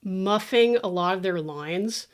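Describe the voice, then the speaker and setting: A woman hosting a podcast, chatting casually about a movie, animated and laughing often. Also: mid-range voice, slow pace. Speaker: podcast host. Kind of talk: casual movie-review chat.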